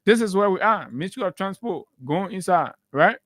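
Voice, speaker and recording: A man's voice: high voice, expressive, fairly quick, fairly bright tone, no echo. A man with a Liberian accent giving heated, emphatic political commentary on a morning talk show, repeating phrases for force.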